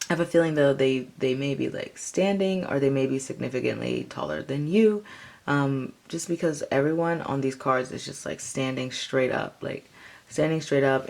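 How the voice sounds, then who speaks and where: A woman's voice: a bass voice, vocal fry, darkish tone. A woman giving a casual, rambling tarot reading, full of "like" and "um". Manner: rambling, filler-heavy, lots of "like" and "um". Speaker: tarot reader.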